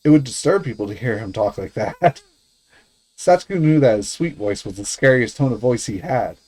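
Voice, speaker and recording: A man's voice: medium pitch, lively intonation, moderate pace, darkish tone. Man reading a visual novel aloud. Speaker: streamer.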